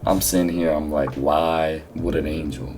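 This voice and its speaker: A man's voice: very deep voice, steady tone, moderate pace, background noise. A young man telling a personal faith story in a loose, rambling way, full of fillers and slang. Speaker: vlogger sharing a faith testimony. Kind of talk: casual spoken testimony.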